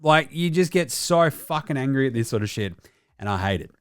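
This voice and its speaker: A man's voice: mid-range voice, expressive, fairly quick, fairly bright tone, clean tone, no room sound. A man with an Australian accent hosting a casual basketball show, ranting with a lot of swearing. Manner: profane, ranting. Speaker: host.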